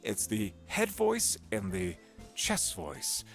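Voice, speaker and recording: A man, a voice actor, chatting casually on a home livestream with a gravelly vocal fry, giggling and wandering between topics. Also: medium pitch, wildly swooping pitch, slow, faint music behind. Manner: chatty, giggly, drifts into voice demos. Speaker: voice actor streaming.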